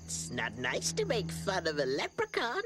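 A sing-song, taunting leprechaun. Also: male voice, on the high side, huge pitch swings, normal speed. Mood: mocking. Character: spiteful, gleeful small male leprechaun. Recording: movie audio under loud score and crickets.

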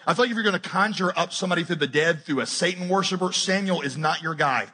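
Man, pastor, lively sermon, high voice, husky edge. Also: quick pace. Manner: animated, jokey retelling with acted-out quotes.

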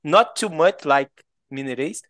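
Slow, hesitant Brazilian man speaking English. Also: fairly high pitch, expressive, fairly bright tone, no echo. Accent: Brazilian Portuguese. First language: Portuguese. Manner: hesitant, restarts often, laughs between phrases. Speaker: participant. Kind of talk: casual chat, English conversation practice.

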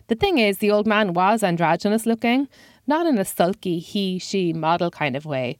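A woman's voice: medium pitch, expressive, normal speed, no echo. A woman telling a scripted personal story with dry, self-mocking humor.

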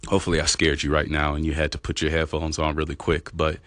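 A man in a casual chat, animated and playful, who swings into big goofy voices. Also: rumbling low, quick pace, dry recording, studio quality.

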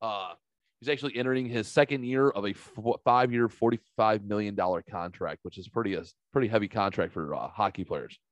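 Profane, animated storytelling man. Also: on the low side, fairly quick, dry recording, dull audio. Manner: animated, profane, acts out quotes. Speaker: podcast host. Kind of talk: casual storytelling chat.

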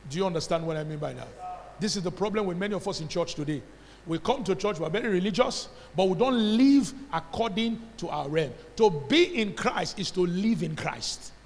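Preaching briskly in a high, animated voice, this Nigerian-accented pastor delivers an emphatic call-and-response sermon, pulling replies from his congregation. Long reverb from the church hall fills the recording.

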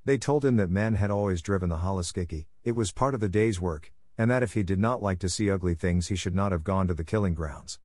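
A man with a fairly low voice reads a classic animal story aloud. His delivery is measured and clear, suited to listeners learning English. The recording is dry and close, with no room echo. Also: a little mellow. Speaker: audiobook reader. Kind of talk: scripted storybook narration.

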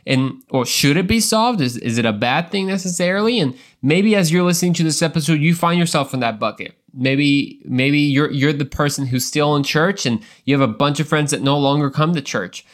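A man's voice: on the high side, moderate pace, few pauses. A young adult man hosting a Christian podcast, telling stories in a casual, earnest, rambling way with many restarts. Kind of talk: casual podcast talk with storytelling.

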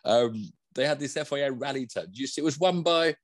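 A man's voice: medium pitch, fast talker, no echo. A British man co-hosting a casual motorsport chat, rambling and chatty. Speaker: motorsport podcast co-host.

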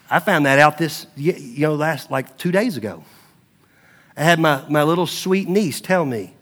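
A middle-aged male pastor preaching a sermon in a conversational, animated way, with stories and asides. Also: on the high side, fairly quick.

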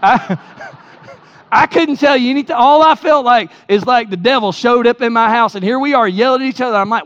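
High-voiced man preaching in a reverberant hall. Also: quick pace, fairly bright tone. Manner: candid storytelling with laughs, acting out his own quotes. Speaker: pastor. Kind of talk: sermon. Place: church sanctuary. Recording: dull sound with long hall reverb.

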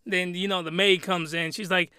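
A man's voice: sits high, flat delivery, moderate pace, sharp tone, clean tone. A man giving a crude, rambling and exasperated comedic recap of an anime. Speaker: anime reviewer.

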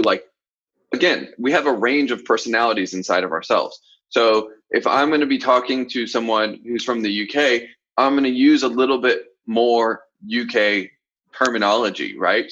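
A man from the Southern US coaching confidently in a casual podcast chat, with animated asides. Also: medium pitch, breathy edge, lo-fi sound. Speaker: sales coach, podcast co-host.

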